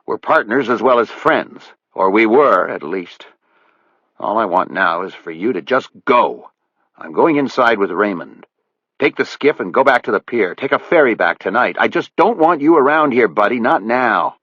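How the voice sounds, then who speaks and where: A man's voice: fairly low pitch, lively intonation, moderate pace, fairly bright tone, dry recording, highs cut off, voice pushed up. A male narrator playing a retired investigator who speaks bluntly and angrily to a partner who betrayed him. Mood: angry. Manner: blunt, cold, angry.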